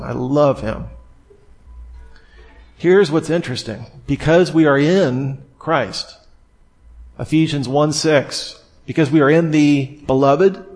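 A man preaching a sermon in a relaxed, conversational way, full of everyday fillers and asides. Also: mid-range voice.

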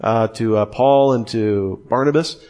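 A man's voice: medium pitch, unhurried, a little mellow. Man teaching with emphatic asides. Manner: conversational, acts out quoted voices. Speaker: Christian apologetics teacher. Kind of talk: lively teaching talk.

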